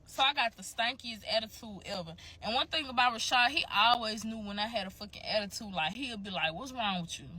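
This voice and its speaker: A woman's voice: fairly high pitch, a little fast, hardly any pauses, sharp tone. A young woman telling a candid, profane story to her viewers in a casual, chatty way.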